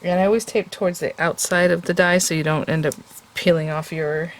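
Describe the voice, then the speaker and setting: A woman's voice: lowish voice, fairly even intonation, fairly quick. A woman hosting a casual step-by-step craft tutorial, chatty and enthusiastic and talking straight to her viewers.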